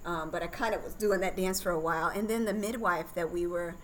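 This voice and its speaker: A young woman with a somewhat low-pitched voice talks as a podcast guest. She tells a personal story candidly and chattily, laughing easily along the way. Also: fairly even intonation, fairly quick, a little hiss or hum, rough recording. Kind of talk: casual birth story telling.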